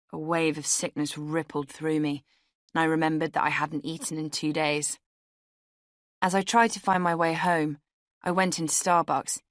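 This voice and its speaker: A young woman narrates her own memoir with candid, wry delivery. Her voice sits low. The studio sound is dry and close. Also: a bit bright, dry recording. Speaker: author reading her memoir. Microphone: studio microphone.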